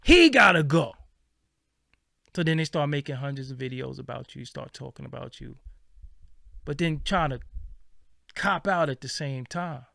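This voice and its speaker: A man's voice: mid-range voice, normal speed, creaky, dry recording, studio quality. A man hosting his channel, telling a story casually, swearing freely and acting out what people said. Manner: animated, profane, acts out quoted lines. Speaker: channel host.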